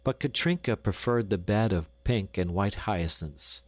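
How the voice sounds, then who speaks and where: Low-voiced man narrating a storybook. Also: a little slow, no echo. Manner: expressive, storytelling. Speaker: audiobook narrator.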